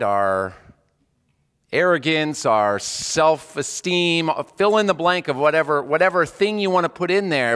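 Male chaplain preacher, 30s, bright, slightly high voice, chatty sermon delivery, long hall reverb. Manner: conversational, rhetorical questions, drops soft for prayers.

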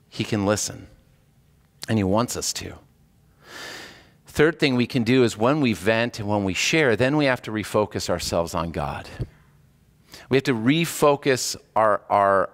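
A man preaching a sermon in a conversational, expressive way, acting out quotes as he goes. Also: medium pitch. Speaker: pastor. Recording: echoey hall reverb.

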